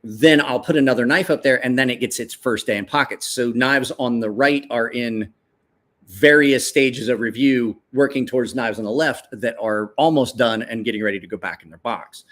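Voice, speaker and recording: Male knife reviewer, mid-range voice, casual and excitable, swears a lot, rambles with restarts. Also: normal speed. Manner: excitable, swears freely, jumps up in pitch when quoting himself. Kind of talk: casual show-and-tell chat.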